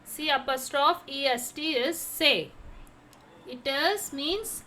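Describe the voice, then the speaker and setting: Slow, high-voiced woman teaching vocabulary. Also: sharp tone, slight background noise. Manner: repeats each word several times, asks herself "how to pronounce?". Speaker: French teacher. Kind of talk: slow vocabulary lesson with repetition.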